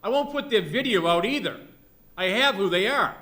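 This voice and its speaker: A man's voice: high-pitched, animated, moderate pace, pushed and bright. A man giving an impassioned, repetitive public comment at a town meeting, scolding and patriotic.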